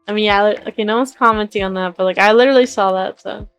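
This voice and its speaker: A woman's voice: mid-range voice, fairly even intonation, fast talker, hardly any pauses, a bit bright, smooth, soft background music. A woman casually commenting while she plays a game, chatty and giggly with lots of filler words. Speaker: game streamer.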